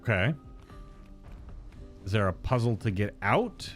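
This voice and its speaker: A man's voice: on the low side, very animated, unhurried, faint music behind. A man giving casual, playful commentary while playing through a video game, joking and thinking aloud as he explores. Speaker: let's play host.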